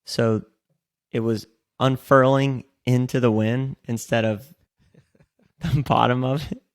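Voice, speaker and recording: A man with a gravelly, creaky voice at a middle pitch, co-hosting a casual podcast. He rambles through his stories and laughs a lot along the way. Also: steady tone, slow pace. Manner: rambling storyteller, laughs often. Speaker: podcast co-host. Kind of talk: casual chat.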